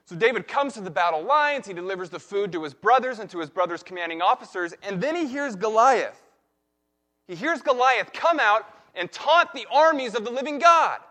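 Animated preacher with a bright, lively voice. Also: male voice, high-pitched, normal speed. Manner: animated storyteller, acting out the characters' lines. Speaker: pastor. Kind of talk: sermon retelling a Bible story.

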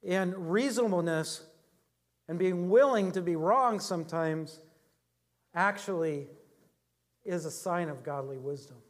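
A man's voice: high voice, unhurried, pauses often. A middle-aged male pastor preaching a sermon in a conversational, storytelling way, often chuckling at his own anecdotes.

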